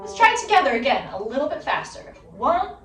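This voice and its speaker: A woman's voice: high-pitched, very animated, fast talker, recorded from a distance, over loud music. Upbeat woman teaching fiddle, roomy sound. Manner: upbeat, encouraging, counts in the student. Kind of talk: instructional video lesson. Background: her violin playing between phrases.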